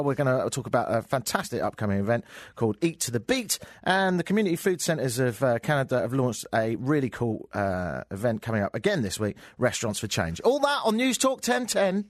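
A talk radio host from England sits in a radio studio at a studio microphone, making sarcastic jokes about the news. He's a man with a slightly high voice, and there's no echo.

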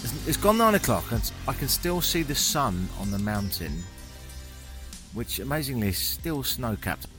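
A man's voice: mid-range voice, sing-song, moderate pace. A British man talking to camera while walking outdoors in a small mountain town, chatty and wry, swearing now and then, with earnest moments, faint music behind. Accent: British English. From Britain. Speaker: vlogger. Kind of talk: walking vlog monologue.

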